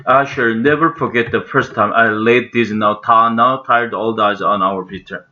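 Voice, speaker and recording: A man's voice: lowish voice, fairly even intonation, normal speed, sharp tone, muffled recording. A man with a Korean accent reading a children's storybook aloud, careful, with small slips and restarts. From South Korea. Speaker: English learner reading aloud.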